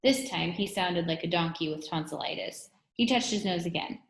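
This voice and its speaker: A woman's voice: lowish voice, moderate pace, vocal fry. A woman reading a children's chapter book aloud, acting out the characters' lines with expression. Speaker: reader. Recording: roomy echo.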